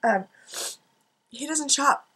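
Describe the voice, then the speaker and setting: Rambling middle-aged woman vlogger, high bright voice, giggly, talks to a desk camera. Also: slow. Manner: chatty, giggly, self-mocking asides. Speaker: art journaling vlogger. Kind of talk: rambling casual chat to camera. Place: home craft desk, indoors.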